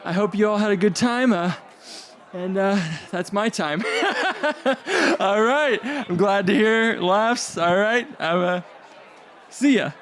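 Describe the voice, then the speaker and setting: A man doing a rambling, crude stand-up comedy set on a club stage, halting with fillers and restarts. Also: sits high, fairly bright tone.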